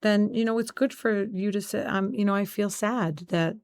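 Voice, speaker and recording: Woman co-host, forties, chatty storyteller, mid pitch, dry close mic. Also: moderate pace, a little mellow, no echo. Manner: chatty, storytelling, many "like" fillers. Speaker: podcast co-host. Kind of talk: casual chat.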